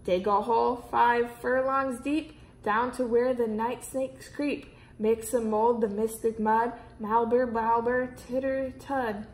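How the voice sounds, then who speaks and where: A woman voicing a group of mysterious magicians in a low, slow, sing-song chant, in a roomy space. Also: steady tone. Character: chorus of mysterious male magicians. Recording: roomy echo.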